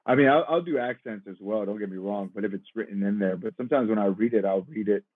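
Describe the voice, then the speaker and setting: A man's voice: fairly low pitch, fast talker, no room sound, narrow, tinny audio. A man in his thirties, an actor and podcast guest, talking casually and reflectively, laughing easily. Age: 30s. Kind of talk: casual interview chat.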